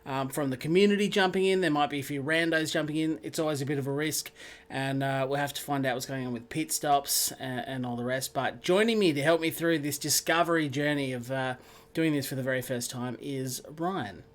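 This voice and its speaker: A man with a slightly high voice, hosting a live racing stream. He chats in a loose, relaxed way and calls out viewers from the chat by name. It sounds like a home desk mic setup. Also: brisk, hardly any pauses.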